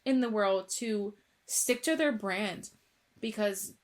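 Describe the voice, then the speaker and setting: A woman's voice: medium pitch, slow. A young woman co-hosting a podcast in casual chat, emphatic and repeating words as she talks. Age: young adult. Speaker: podcast co-host.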